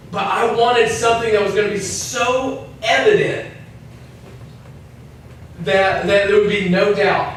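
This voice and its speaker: A man gives a relaxed, joking sermon to young people, slipping into small acted-out voices. His voice sits a little high. The mic is set back from him in a very echoey hall, with a faint hiss underneath. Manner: chatty, acts out voices, jokes. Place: church hall. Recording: echoey room, mic at a distance, faint noise.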